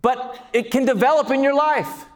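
A man preaching a sermon as pastor, passionate and building to shouts on key lines. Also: extremely high pitch, normal speed. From California.

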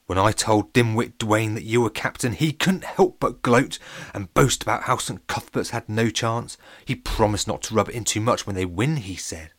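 A man's voice: on the low side, moderate pace, a bit bright, dry recording. A man voicing a boastful kid acting as a spy, talking in a conspiratorial way. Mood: reporting.

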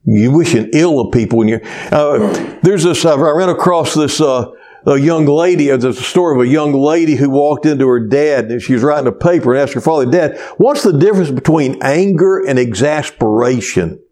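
A man preaching a sermon as pastor, telling stories in a slow, deliberate way and stretching out key words. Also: medium pitch, darkish tone.

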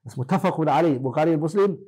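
A man's voice: on the high side, rapid-fire, warm tone, slight background noise, poor audio. A man teaching a classroom lesson on Islamic law, quizzing his students by name and correcting them firmly.

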